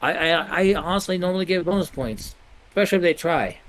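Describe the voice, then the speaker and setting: Man doing a disappointed male teacher, polite, formal, halting, slightly raised voice. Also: fairly high pitch, fairly bright tone, voice pushed up, natural voice, low-quality recording. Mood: stern concern. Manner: halting, formal, keeps correcting himself.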